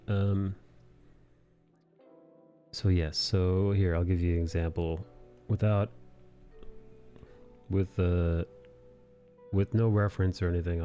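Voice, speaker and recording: A man's voice: deep voice, warm tone, dull audio. A man hosting a live drawing stream, chatting casually and rambling with many fillers. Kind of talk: casual chat while drawing.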